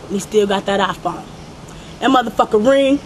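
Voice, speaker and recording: A woman's voice: mid-range voice, normal speed, slight background noise, close to an everyday voice, rough recording. A young woman playing a foul-mouthed, cold young killer who tells her story as a comic confession monologue. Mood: irritated. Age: young adult. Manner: profane, irritated storytelling. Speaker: student actor in a parody sketch.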